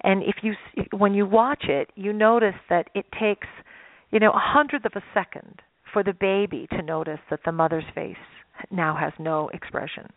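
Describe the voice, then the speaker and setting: A woman's voice: mid-range voice, normal speed, dry recording. A woman guest expert telling stories in a radio interview, acting out little voices as she explains. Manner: animated storyteller, acts out voices. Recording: dry, phone-like line.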